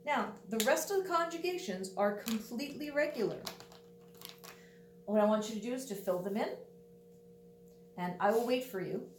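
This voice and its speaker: A woman's voice: on the high side, lively intonation, normal speed, pauses often, far from the mic, slight background noise. Teacher woman in an echoey room. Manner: patient, explains step by step, wry asides. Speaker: Spanish teacher. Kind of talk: classroom video lesson.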